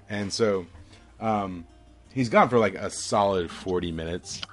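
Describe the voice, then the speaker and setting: A man's voice: on the low side, measured pace, faint music behind. A man narrating a tabletop game as game master, rambling with many fillers.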